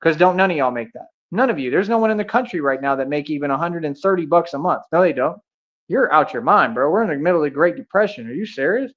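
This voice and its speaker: A man's voice: a little high, animated, fast, fairly bright tone. A man ranting on a livestream, confrontational and taunting, with heavy street slang. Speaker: streamer. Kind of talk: livestream rant. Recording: dull lo-fi audio.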